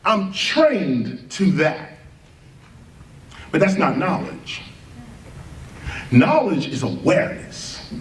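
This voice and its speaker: A man's voice: a little high, very animated, drawn-out words, pauses often. A man giving a lecture to an audience, firing rhetorical questions and spelling words out letter by letter for emphasis. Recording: roomy, distant live lecture recording with faint ambience.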